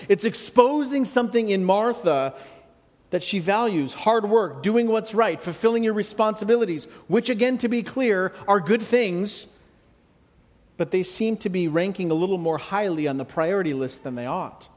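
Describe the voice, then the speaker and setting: A man preaching a sermon in a conversational, reflective way with gentle humor. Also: high-pitched, moderate pace, in a large hall. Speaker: pastor.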